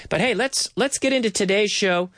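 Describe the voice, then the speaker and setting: A man hosting a bilingual English lesson for Spanish speakers, repeating phrases slowly for learners and mixing in Spanish words. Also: high-pitched, a bit bright, dry recording, clean studio sound. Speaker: language teacher and podcast host.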